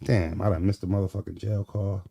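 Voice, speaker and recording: A man's voice: deep voice, steady tone, brisk, creaky, warm tone, no echo. A man vlogging in a casual comedic monologue, profane and rambling, laughing often as he jokes.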